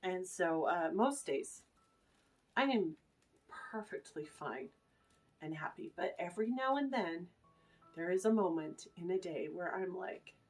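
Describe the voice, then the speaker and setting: A woman's voice: fairly low pitch, expressive, unhurried, darkish tone, soft background music. A middle-aged woman vlogging in a casual, rambling way, anxious and emotional, full of fillers and restarts. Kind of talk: casual rambling vlog chat.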